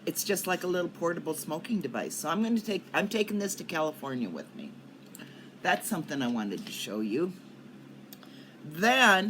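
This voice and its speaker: A woman's voice: fairly low pitch, expressive, normal speed, fairly bright tone, slight background noise. An older woman chatting casually to her viewers in a rambling way, coughing often. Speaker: cannabis vlogger. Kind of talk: casual chat to camera. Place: at home in Colorado.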